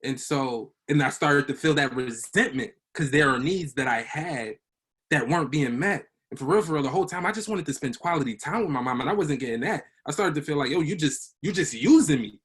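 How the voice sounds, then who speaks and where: A man's voice: fairly high pitch, expressive, brisk, fairly bright tone. Casual young man telling a personal story. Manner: casual slangy speech, acts out quoted voices.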